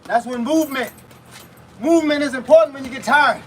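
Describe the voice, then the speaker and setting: Breathless, high-voiced boxing coach grunting through punches. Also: male voice, a little fast, a little hiss or hum, rough recording. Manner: grunts with each punch between short spoken cues. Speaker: fitness coach. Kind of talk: live boxing workout coaching.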